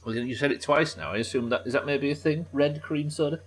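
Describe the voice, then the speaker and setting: A young British man streams a game live, his voice a little high, brisk, with a breathy edge. He chats casually, laughs often, and swears freely.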